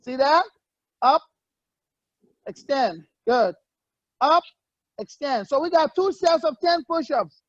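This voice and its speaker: A male fitness coach leading a workout, energetic and barking short encouraging commands, on a muffled lo-fi recording. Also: very high-pitched, a little slow, long pauses, dry recording.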